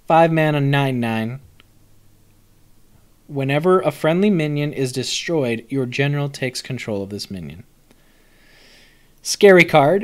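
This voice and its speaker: A young man streaming live as he reviews a card set. His talk is loose and lively, full of jokes and swearing, and he answers viewers in chat as he goes. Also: fairly high pitch. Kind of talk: casual live-stream commentary.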